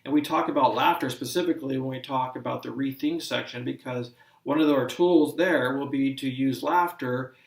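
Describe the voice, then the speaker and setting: In a measured, explanatory manner, a man lectures like an instructor guiding a class through a subject. His gravelly voice is at an ordinary male pitch, captured by a distant mic in a room with noticeable echo, giving a roomy sound.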